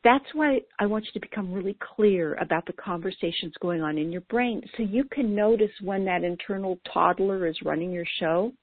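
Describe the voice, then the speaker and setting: A woman's voice: mid-range voice, moderate pace, hardly any pauses, slightly rough, no echo. Woman coach on a tinny phone-like line. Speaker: ADHD coach. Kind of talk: scripted coaching talk. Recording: dry, tinny phone-like sound.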